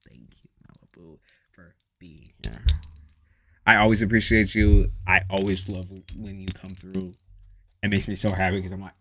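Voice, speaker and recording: A man's voice: low voice, little pitch movement, normal speed, bright, forceful tone, a little hiss or hum. A man hosting a live tarot stream, chatting casually with viewers, swearing freely and reading their comments aloud. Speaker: tarot reader.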